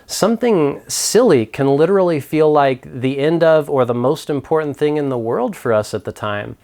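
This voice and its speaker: A man with a fairly high voice hosts a mental health video channel. He reads a story and reflects on it in an earnest, scripted way. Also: animated, moderate pace, vocal fry, a little mellow. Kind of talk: storytelling vlog narration.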